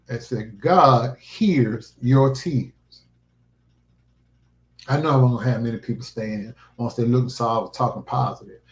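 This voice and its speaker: A man livestreaming a vlog, talking in an earnest, emphatic, preacherly way about faith and his life. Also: mid-range voice. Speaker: livestreaming vlogger. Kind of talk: casual heartfelt livestream talk. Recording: roomy echo.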